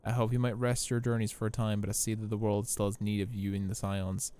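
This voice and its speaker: A man reading aloud the lines of a gentle elderly priest in a game, speaking in a measured, formal way and stumbling over names. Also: lowish voice, flat delivery, smooth, close to an everyday voice. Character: gentle elderly male priest giving counsel.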